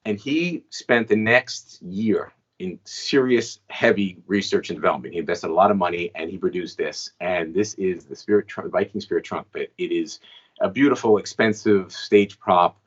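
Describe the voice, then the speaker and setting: Man in his fifties with a low-pitched voice, telling a long story in an easy, chatty way and checking in with "right?" as he goes. His voice comes through a dull, lo-fi recording. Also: moderate pace, husky. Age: 50s. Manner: chatty, frequent "right?" asides. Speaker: guest magician and inventor. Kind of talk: storytelling interview answers.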